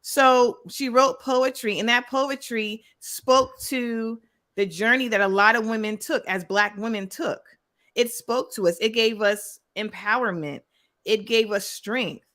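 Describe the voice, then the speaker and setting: Woman, firm panel guest, bright tense voice, slightly high, remote call. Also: fairly even intonation, measured pace. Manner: firm, insists on finishing her point. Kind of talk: heated live-stream debate.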